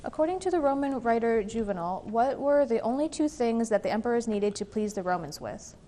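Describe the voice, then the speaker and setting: A woman moderating a quiz competition, reading questions and rulings in a measured, formal way with an occasional "um". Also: a little high, lively intonation, dark tone, slight background noise.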